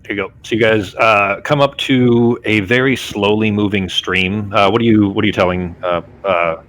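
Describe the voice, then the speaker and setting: A man's voice: on the low side, fairly even intonation, normal speed, fairly bright tone. A man running a tabletop game as game master, rambling with many fillers and restarts.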